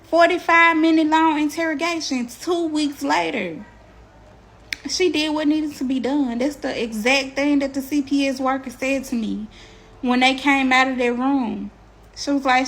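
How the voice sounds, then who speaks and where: Woman, emotional direct-to-camera talk, defensive and heated, pitched a bit high. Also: fairly even intonation, measured pace, a bit bright. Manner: impassioned, defensive, speaks to viewers as y'all. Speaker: mother telling her story.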